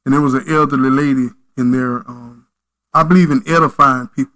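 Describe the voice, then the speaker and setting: A man's voice: mid-range voice, steady tone, brisk, sharp tone, rough recording. A man as a podcast guest, telling stories in an earnest, preacherly way. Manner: earnest, preacherly, emphatic storytelling. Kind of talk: storytelling in conversation.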